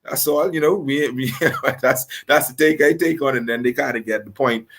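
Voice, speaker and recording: A man's voice: medium pitch, moderate pace, a bit bright. A man from the Bahamas, speaking as a guest history teacher in an interview, emphatic and passionate. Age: adult, married. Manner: passionate, emphatic, acts out quoted voices. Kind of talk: interview conversation.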